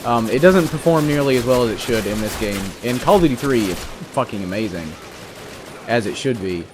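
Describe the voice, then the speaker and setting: A young man in his twenties giving casual, rambling commentary while playing a video game, making jokes and breaking into excited outbursts. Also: mid-range voice, brisk, background noise. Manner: rambling, jokey, excitable asides. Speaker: let's play host.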